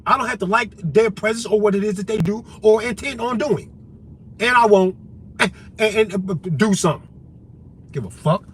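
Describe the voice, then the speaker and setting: A man's voice: high-pitched, moderate pace, a bit bright, a little hiss or hum. A man in an unscripted monologue, talking straight at his listeners in a profane, confrontational, heated way. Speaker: vlogger.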